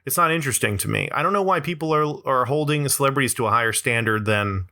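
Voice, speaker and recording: A man's voice: mid-range voice, fast talker, sharp tone. A young man hosting his own podcast, talking through a rambling, sarcastic comedic monologue and laughing between lines. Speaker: podcast host.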